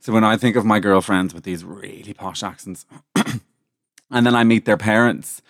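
A man's voice: moderate pace, vocal fry, dry recording, clean studio sound. A man, chatting casually as an interview guest. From Ireland. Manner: animated, chatty, pitch jumps high when laughing.

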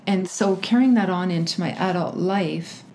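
A woman as an interview guest, talking earnestly and haltingly, breaking into nervous laughs. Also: on the low side, dark tone, a little hiss or hum. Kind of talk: personal storytelling in conversation.

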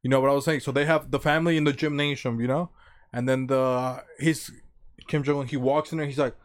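A man's voice: medium pitch, steady tone, a little fast. A man hosting a comedy podcast, telling a crude rambling story and laughing through his lines. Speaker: podcast host.

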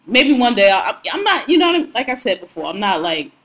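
A woman's voice: a little high, big pitch swings, brisk, a bit bright, rough recording. A young woman co-hosting a podcast, talking in an outspoken, slangy, profane way about music and celebrities. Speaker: podcast co-host. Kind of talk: casual podcast chat.

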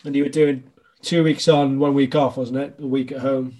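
A man's voice: medium pitch, flat delivery, moderate pace, dark tone. A man hosting a podcast, asking loose, rambling questions in casual chat. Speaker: podcast host.

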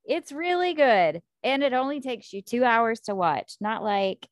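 An American woman hosting a casual book-club chat, talking in a chatty, animated way with lots of fillers. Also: on the high side, unhurried, no echo, clean studio sound.

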